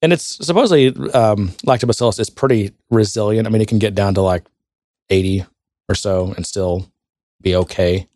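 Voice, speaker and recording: A man with a somewhat low voice co-hosts a relaxed tech podcast. He thinks out loud, circling back with fillers and half-finished sentences. The sound is dry and close. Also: moderate pace, no room sound. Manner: thinks aloud, rambling with many fillers. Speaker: podcast co-host. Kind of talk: casual tech podcast chat.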